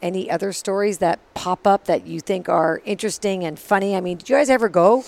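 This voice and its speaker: A woman hosting a casual interview, encouraging her guest with quick interjections. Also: mid-range voice, gravelly, darkish tone. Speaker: interview host.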